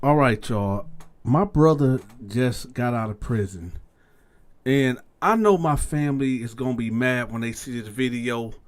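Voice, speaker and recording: Animated man telling a story. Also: mid-range voice, unhurried. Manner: animated, slangy, acts out sounds. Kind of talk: casual storytelling.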